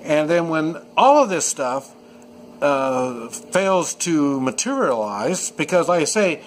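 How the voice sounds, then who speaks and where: A man's voice: fairly high pitch, lively intonation, unhurried, a little hiss or hum, low-quality recording. A man giving an unscripted opinion monologue, rambling with many restarts and fillers as he talks. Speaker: video commentator. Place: at home in the countryside.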